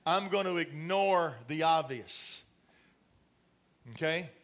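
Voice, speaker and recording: A man's voice: on the high side, slow, a bit bright. A middle-aged man preaching a sermon to a congregation, telling stories with laughs and asides. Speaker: pastor. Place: church in front of a congregation.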